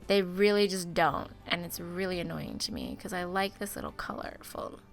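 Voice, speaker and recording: A woman who is feeling sick, giving chatty, expressive gameplay commentary and talking straight to her viewers. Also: lowish voice, normal speed. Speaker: gaming video host.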